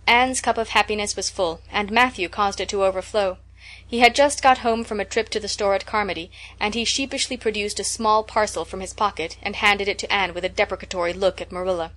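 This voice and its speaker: Woman reading a classic novel aloud. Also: mid-range voice. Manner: steady, measured storytelling. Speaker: audiobook narrator. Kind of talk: scripted narration.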